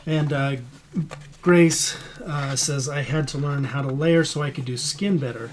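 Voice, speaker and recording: A man co-hosting a live stream, relaxedly reading out viewer comments with filler pauses. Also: fairly high pitch, steady tone, a little hiss or hum. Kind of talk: casual live-stream chat.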